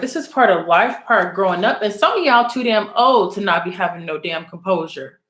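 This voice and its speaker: Her medium-pitched, somewhat bright voice is expressive and a little fast, with few pauses, as a spiritual reader rambles casually to her viewers. She calls them out bluntly, teasing and swearing, and the recording has a roomy echo.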